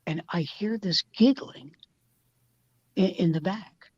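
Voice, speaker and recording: Female comedian, lively anecdote teller, muffled dry recording. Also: medium pitch, takes it slowly, long pauses, husky, no echo. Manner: animated anecdote telling with quoted voices. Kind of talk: casual storytelling chat.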